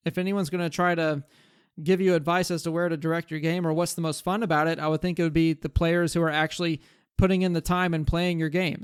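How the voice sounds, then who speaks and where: A man's voice: a little high, clean tone, no room sound, studio quality. A man talking casually about changes he wants in a game, rambling with fillers and restarts as he thinks aloud. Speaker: gaming content creator. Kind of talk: casual gaming commentary.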